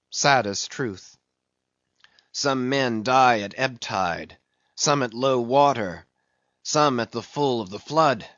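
A man voicing an old, obsessed sea captain who speaks in a brooding, solemn, drawn-out way. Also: mid-range voice, fairly bright tone, no echo, highs cut off.

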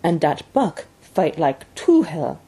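A reader voicing an excitable French-Canadian male dog driver in a storybook, with a thick dialect and a boastful, shouting delivery. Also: medium pitch, slow pace, breathy edge, full character voice.

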